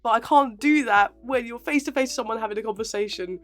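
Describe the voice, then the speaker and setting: A woman's voice: a little high, fast, faint music behind. A woman in her twenties from England with a Southern English Portsmouth accent, chatting casually in a giggly, self-deprecating way. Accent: Southern English, Portsmouth area. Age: 20s. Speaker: aspiring actor vlogger. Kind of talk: casual chat.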